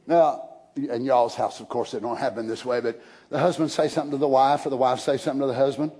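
A man preaching a sermon in a folksy, animated way, breaking into shouted passages. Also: mid-range voice, quick pace. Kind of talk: Pentecostal-style sermon.

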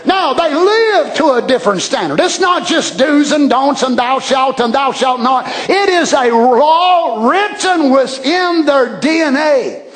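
A man preaching an impassioned sermon, shouting and calling out praise. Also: very high-pitched, animated, unhurried, few pauses. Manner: shouting, impassioned, calls out hallelujah. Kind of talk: fiery sermon.

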